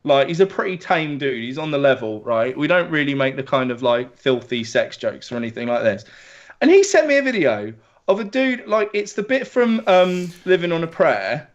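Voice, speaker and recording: A man from England telling stories in a casual podcast chat, sweary and animated. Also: a little high, moderate pace. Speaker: podcast co-host. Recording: dull lo-fi audio.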